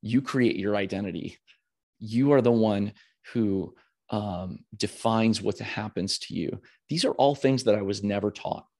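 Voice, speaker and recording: A man with a fairly low voice talks candidly in a podcast monologue. He speaks in an earnest, rambling way, often restarting his sentences. He grows animated when he quotes other people. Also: unhurried. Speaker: podcast host.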